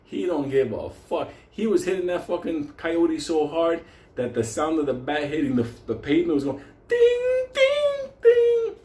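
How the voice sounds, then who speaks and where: A man's voice: fairly high pitch, moderate pace, dark tone, roomy sound. A man telling a wild story in a casual, profane way, often laughing as he talks. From New York.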